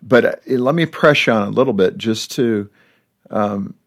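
A man's voice: lowish voice, moderate pace. A man hosting an interview show, asking probing questions in a conversational way with frequent fillers. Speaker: talk show host.

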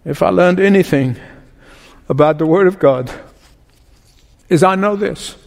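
High-voiced man preaching in a hall. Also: measured pace, vocal fry, darkish tone. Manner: emphatic preaching with repeated words. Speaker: pastor. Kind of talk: sermon.

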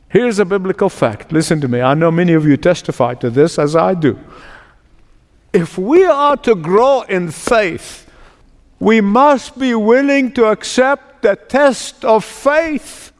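Guy preaching in a church, pretty high voice, long echo, keeps repeating stuff for emphasis. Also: animated. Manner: emphatic, repeats phrases for stress; shifts between slow, drawn-out and rushed delivery. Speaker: pastor. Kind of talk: sermon. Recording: long reverb from a large hall.

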